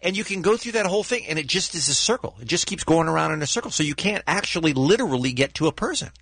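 Man, radio co-host, lively, slightly husky, dry sound. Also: fairly high pitch, fast, dry recording. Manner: animated storyteller, exasperated. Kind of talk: casual radio chat.

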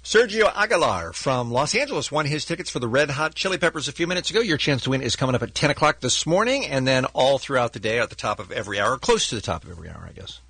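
A man's voice: medium pitch, lively intonation, fast, vocal fry, hardly any pauses, pushed and bright, husky, no room sound. A man co-hosting a morning radio show, teasing callers with dry banter.

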